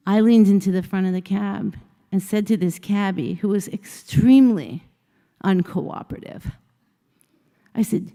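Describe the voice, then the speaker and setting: A woman speaker on a conference stage, her voice mellow and slightly gravelly. She tells a personal story with lively energy and slips into different voices for each character. The sound carries a long reverb from a large hall. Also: mid-range voice, takes it slowly, long pauses. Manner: vivid storytelling, acting out dialogue with shifting voices. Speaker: motivational speaker. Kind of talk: storytelling keynote speech.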